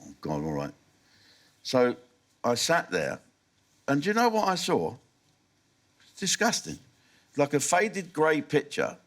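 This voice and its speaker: A man, a comedian answering interview questions candidly and laughing at his own punchlines in a TV studio. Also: medium pitch. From England. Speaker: comedian guest. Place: television studio.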